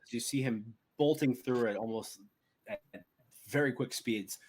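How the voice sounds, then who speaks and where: A man narrating a tabletop game as game master, animated and laughing often as he describes the action. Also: mid-range voice, normal speed, heavy background noise.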